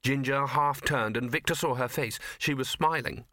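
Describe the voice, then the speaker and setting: A man narrating an audiobook in a measured storytelling manner. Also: medium pitch, fairly even intonation, sharp tone, dry recording, clean studio sound. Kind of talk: scripted narration.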